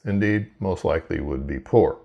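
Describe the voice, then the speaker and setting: A man who researches hearing, giving a measured, explanatory scripted lecture. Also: sits low, gravelly, mellow, highs cut off.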